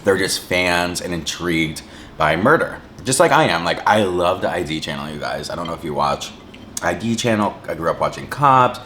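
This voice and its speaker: A low, sharp-toned voice at normal speed belongs to an animated mukbang vlogger, recorded with a little hiss or hum. He eats while casually chatting to his viewers, rambling and saying "like" a lot, with chewing and humming between lines.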